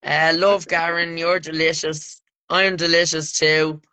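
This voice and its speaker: A woman's voice: sits low, level tone, measured pace, bright, forceful tone. A woman hosting a live podcast, gushing and swearing freely while reading out comments. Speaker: podcast host.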